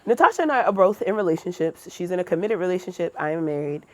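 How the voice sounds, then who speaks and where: A woman's voice: on the low side, lively intonation, quick pace. A woman co-hosting a podcast, talking in a blunt, profane, opinionated way in casual chat. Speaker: podcast co-host.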